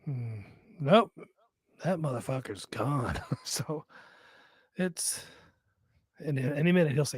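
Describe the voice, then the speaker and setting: A man's voice: mid-range voice, lively intonation, takes it slowly, pauses often, husky, no room sound. A man co-hosting a live podcast, chatting casually and joking with plenty of swearing. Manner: profane, rambling, joking. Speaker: podcast co-host.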